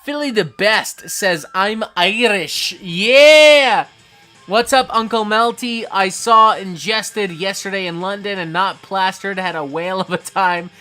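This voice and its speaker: A man hosting a live stream and reading chat aloud, tipsy and getting drunker, profane, swinging from low mumbles to hyped shouts. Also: measured pace, faint music behind. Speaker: livestream host reading chat.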